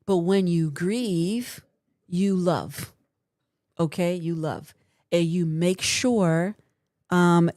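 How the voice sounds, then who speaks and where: A woman's voice: fairly low pitch, warm tone, dry recording, clean studio sound. A woman hosting a livestream, giving earnest, encouraging counseling advice in casual talk and often checking in with "right?".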